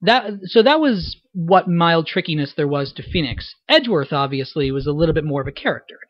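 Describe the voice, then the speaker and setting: A man's voice: fairly high pitch, animated, fairly quick, no room sound, dull audio. Reflective man giving audio commentary. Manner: thoughtful, explanatory, self-reflective. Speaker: voice actor and director giving commentary.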